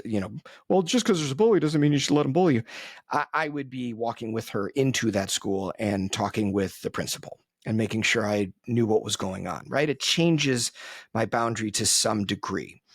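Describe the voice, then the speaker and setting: Husky low-voiced man hosting a podcast. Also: no echo, clean studio sound. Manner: conversational, frequent ums and asides, reflective. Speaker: podcast host. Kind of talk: solo podcast commentary.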